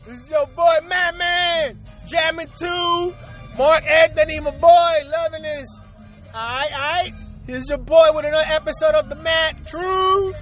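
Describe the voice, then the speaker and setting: A man hosting a solo rant podcast, swearing and slangy, with a cold that makes him cough and clear his throat. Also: extremely high pitch, moderate pace, faint music behind. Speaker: podcast host.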